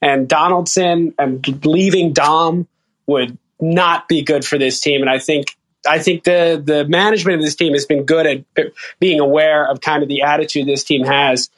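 Male caller, slightly high voice, hesitant, earnest. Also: steady tone, moderate pace, fairly bright tone. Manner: hesitant, earnest, many restarts. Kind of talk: call-in sports talk.

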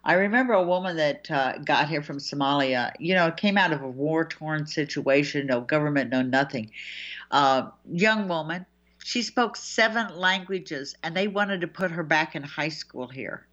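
A chatty woman hosts a freewheeling talk show with a low-set voice, laughing between her points. The sound is dull and lo-fi. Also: moderate pace. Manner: chatty, laughs often, animated asides. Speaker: host. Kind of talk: casual chat.

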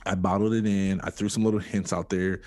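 A young man giving a personal testimony in an interview, earnest and halting, with many fillers and pauses. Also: deep voice, level tone, darkish tone. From Michigan. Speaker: interview guest.

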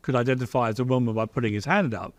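A man's voice: mid-range voice, dry recording. A man in a casual discussion, laying out an argument step by step. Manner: measured, argumentative, logical.

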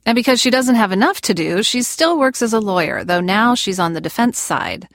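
A woman co-hosting a podcast, friendly and easygoing as she asks her guest questions. Her voice sits in a middle pitch and sounds close and dry. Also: expressive, brisk, a bit bright, no room sound. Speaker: podcast co-host. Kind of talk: casual interview chat.

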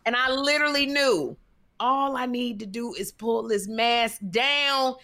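A woman tells a dating story with big energy, slipping into the voices of everyone in it and laughing along the way. Her voice sits a bit high and sounds bright and forceful. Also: unhurried. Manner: lively, acts out voices in her stories, laughs often. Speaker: guest telling dating stories. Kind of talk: animated storytelling on a talk show.

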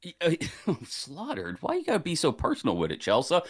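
A man's voice: a little high, quick pace, breathy edge, no room sound, clean studio sound. A man giving his college football picks as a guest on a betting show, talking casually with jokes at his own expense. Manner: animated, self-deprecating, jokey. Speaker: guest sports betting analyst. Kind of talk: casual sports betting chat.

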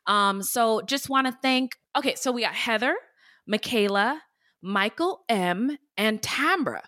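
A woman's voice: a little high, lively intonation, a little slow, pushed and bright, dry recording, studio quality. A woman co-hosting a podcast in casual chat, gushing and playful, laughing often. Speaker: podcast co-host.

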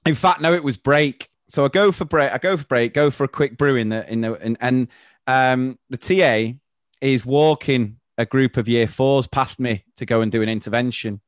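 A man hosting a podcast, telling chatty school anecdotes and laughing easily. His pitch sits in the middle. The sound is dry and close to the mic. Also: normal speed, no room sound. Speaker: podcast host, primary school teacher. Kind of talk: casual podcast chat.

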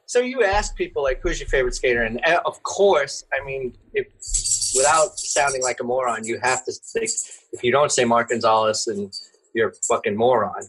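Man, podcast guest, casual chat, mid pitch, loose, profane, laughing. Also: moderate pace, fairly bright tone, slightly rough, poor audio.

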